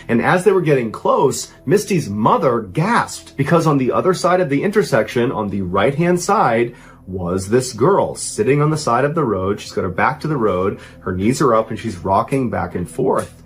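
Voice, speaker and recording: A man in his thirties narrating a true horror story for a podcast. He builds tension, and his pitch climbs at the frightening moments.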